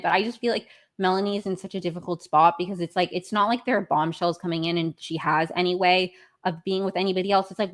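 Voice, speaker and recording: A young woman hosting a podcast, recapping a reality show in a rambling, self-correcting way, with exasperated outbursts. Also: lowish voice. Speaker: podcast host.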